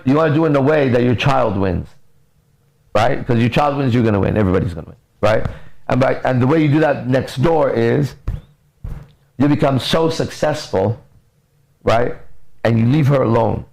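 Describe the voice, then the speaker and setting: A man's voice: medium pitch, creaky, rough recording. A man coaching on relationships in a blunt, profane, casual podcast talk. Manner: blunt, profane, lively storytelling.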